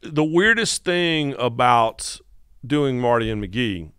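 A man's voice: mid-range voice, slow, clean tone, no room sound, clean studio sound. A man in his fifties with a North Carolina Southern accent, telling stories as a guest host on a casual podcast. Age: 50s. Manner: animated storyteller who acts out quotes.

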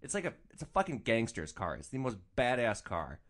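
A young man in his twenties tells driving stories on a podcast with loose, profane humor. His pitch sits in an ordinary middle range but swings widely as he tells the tale, and he keeps a joking, animated edge throughout. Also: fairly quick. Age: 20s. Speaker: podcast host and rideshare driver. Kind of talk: casual storytelling.

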